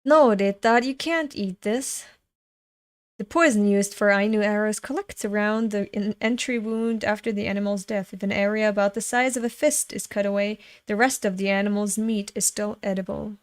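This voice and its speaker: At home, a young adult woman reads a webcomic aloud, voicing every part herself and breaking off to gush and laugh. Her mid-range voice is brisk with few pauses and fairly even intonation, recorded studio-quality with no echo.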